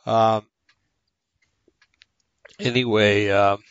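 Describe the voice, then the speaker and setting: An older man hosting a radio show, with a raspy, haggard voice, talking casually and reading aloud slowly, with many pauses and fillers. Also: on the low side, level tone, fairly bright tone, dry recording, lo-fi sound. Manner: slow, halting, many fillers and restarts.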